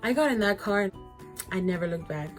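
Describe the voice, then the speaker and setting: A woman's voice: mid-range voice, lively intonation, moderate pace, faint music behind. A woman in her twenties chatting to viewers in a casual storytime vlog, full of "like" fillers. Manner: chatty, lots of "like" fillers, addresses viewers directly. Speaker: vlogger.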